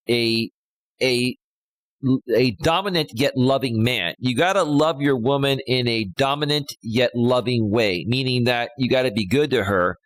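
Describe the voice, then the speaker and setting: A man of middle pitch hosts a casual live stream from home, chatting and handing out relationship advice. His voice comes through a tuned studio mic with a dry, close sound and no room echo. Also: fairly bright tone. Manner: chatty, gives relationship advice, reads comments aloud. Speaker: life coach and live stream host. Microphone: studio microphone.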